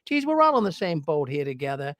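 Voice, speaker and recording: A man's voice: a little high, big pitch swings, fast, fairly bright tone, no echo, studio quality. A man hosting a call-in show, talking in a folksy way and often repeating his words. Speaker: host.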